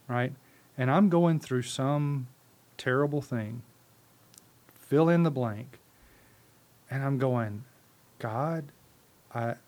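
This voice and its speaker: A man's voice: mid-range voice, a little mellow. A man speaking as a podcast guest, preaching in an impassioned, conversational way with rhetorical questions and repeated words. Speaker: podcast guest, ministry leader.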